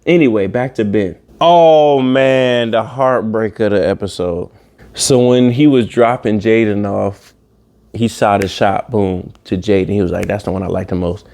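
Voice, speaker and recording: A man hosting a reaction video, giving casual comedic commentary with animated, emphatic outbursts. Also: fairly low pitch, a little slow.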